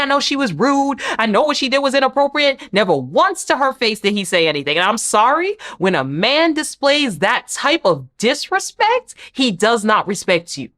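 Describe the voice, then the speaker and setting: A woman talks through a reality show episode in a casual, opinionated recap. Her pitch swings widely as she plays out what each person said. Her tone is sassy and blunt. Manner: sassy, animated, acts out quotes.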